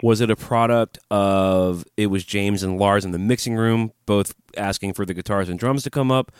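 A man co-hosting a metal podcast in casual chat, excitable, laughing often and swearing casually. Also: fairly low pitch, moderate pace, clean tone, no echo, studio quality. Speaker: podcast co-host.

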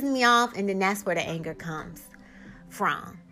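Animated woman podcaster with a drawl. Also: on the high side, unhurried, soft background music. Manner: animated, rising to heated venting. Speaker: podcast host. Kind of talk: casual monologue podcast.

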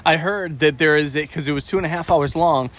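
A man's voice: on the high side, brisk, fairly bright tone. A man hosting a podcast, teasing his co-hosts in a playful casual chat. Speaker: podcast host.

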